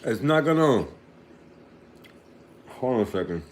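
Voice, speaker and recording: In this relaxed home vlog, a young reef tank hobbyist walks viewers through his aquarium in a mid-range, sing-song voice that runs a little slow. He rambles, keeps restarting, and talks while eating now and then, with background noise audible.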